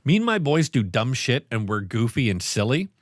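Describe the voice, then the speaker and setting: A man co-hosting a casual podcast, telling stories and swearing freely. His pitch swings widely as he acts out scenes. The sound is close and dry, with no room around it. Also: moderate pace, no room sound. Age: 30s. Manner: animated storytelling, swears often. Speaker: podcast co-host.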